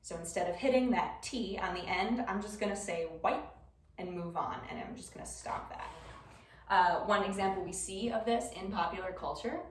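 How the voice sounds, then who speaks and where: A young woman with a Wisconsin accent gives a casual class presentation as a student, chatty and informal with lots of ums. Her voice is mid-range at a moderate pace. It's recorded from far off in a roomy classroom.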